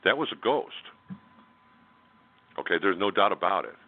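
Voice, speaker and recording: A man's voice: low-pitched, animated, normal speed. A man telling a personal story as a radio interview guest, in a candid, blunt way with many fillers and restarts. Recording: tinny phone line.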